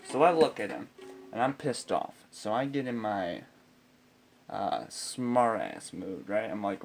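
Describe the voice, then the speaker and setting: A man's voice: lowish voice, big pitch swings, a little slow, vocal fry, faint music behind. A teenage boy telling a profane comic story about school, ranting with constant swearing and exasperation. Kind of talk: profane comedic storytelling with guitar.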